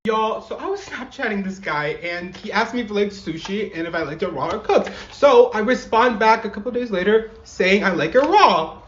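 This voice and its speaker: A woman's voice: mid-range voice, lively intonation, normal speed, hardly any pauses, reverberant, highs cut off. A woman telling a casual story in an emotional way that veers between laughing and crying.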